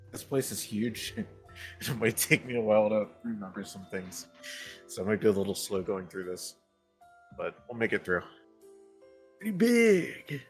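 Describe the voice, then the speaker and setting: Guy dm narrating slow with lots of ums, lowish voice. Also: poor audio. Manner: slow, halting narration with fillers. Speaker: game master. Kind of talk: narrating a tabletop game.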